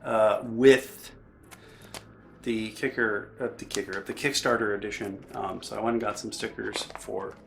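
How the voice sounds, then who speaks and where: A man's voice: on the low side, fairly even intonation, measured pace, gravelly, fairly bright tone, a little hiss or hum. A chatty man narrating a board game unboxing in a casual, self-deprecating way, often correcting himself mid-sentence.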